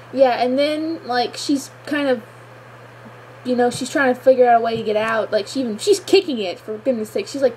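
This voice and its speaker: A woman's voice: on the high side, darkish tone, a little hiss or hum, low-quality recording. A woman reviewing a show episode in a gushing, exclamatory chat full of filler words. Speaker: fan reviewer.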